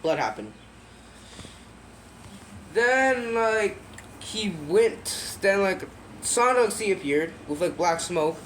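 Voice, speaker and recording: A casual, rambling storyteller recounts a creepy game tale at an ordinary mid pitch, stumbling through fillers and restarts and tossing in wry asides. A faint hiss sits under the voice. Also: sing-song, slow pace, pauses often, a bit bright. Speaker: commentator retelling a creepypasta.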